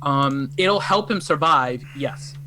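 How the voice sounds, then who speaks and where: A man's voice: fairly high pitch, lively intonation, takes it slowly, pushed and bright, rough recording. A man with a slightly raised voice talks through game strategy on a casual livestream, explaining points at length and joking along the way. A faint hum sits under the recording. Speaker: co-host.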